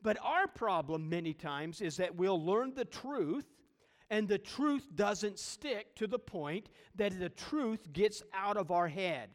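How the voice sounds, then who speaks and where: A pastor preaching a sermon, emphatic and full of rhetorical questions and repeated phrases. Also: male voice, high-pitched, slow pace, big-room sound.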